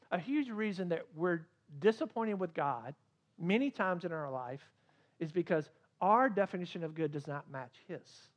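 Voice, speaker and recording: A man preaching a sermon as a pastor, swinging between loud emphasis and quiet asides. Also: high-pitched, lo-fi sound.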